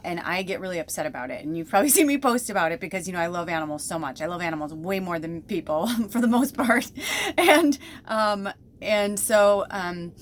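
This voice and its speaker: A woman's voice: fairly low pitch, slight background noise. A woman in her thirties hosting a casual spiritual talk, rambling and chatty, swearing freely and laughing often. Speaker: podcast host.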